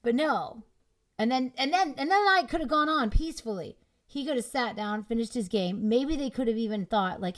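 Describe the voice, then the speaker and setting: Young woman, bright higher voice, opinionated and explanatory commentary. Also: expressive, moderate pace. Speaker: relationship commentator. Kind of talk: reaction commentary on a clip.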